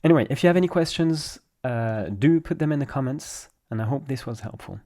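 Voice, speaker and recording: A man's voice: mid-range voice, lively intonation, brisk, warm tone. A man with a French accent, a native French speaker, giving a casual pronunciation lesson and patiently repeating examples step by step. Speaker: French teacher.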